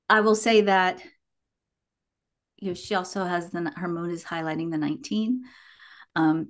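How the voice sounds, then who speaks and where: A middle-aged woman chatting as a podcast guest, telling stories in an animated way and acting out what people said. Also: lowish voice. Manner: animated storytelling, acts out quotes. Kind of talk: casual podcast chat.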